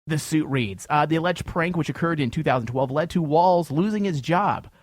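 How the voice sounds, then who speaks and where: A man's voice: fairly high pitch, moderate pace, no room sound, clean studio sound. A man hosting a casual comedy talk show, reading news stories aloud, mocking them and laughing often. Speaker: host.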